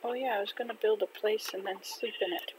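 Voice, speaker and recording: An older woman from Canada chatting casually to herself while playing a video game, gentle and unhurried. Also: mid-range voice, fairly even intonation, background noise. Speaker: gaming channel host. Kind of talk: casual gameplay chat. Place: home in winter.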